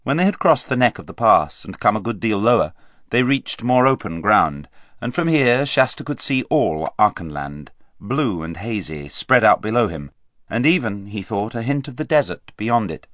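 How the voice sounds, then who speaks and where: A man narrates a story with an expressive, animated delivery. His voice sits on the low side and rises and falls in wide, lively swings. The recording is close and dry, with no room around it. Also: moderate pace, no room sound. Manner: expressive storytelling, varied pace. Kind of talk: audiobook narration.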